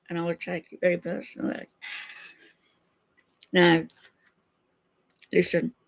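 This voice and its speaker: Gravelly older woman scolding viewers. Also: fairly low pitch, darkish tone. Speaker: livestream host. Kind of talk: casual livestream chat.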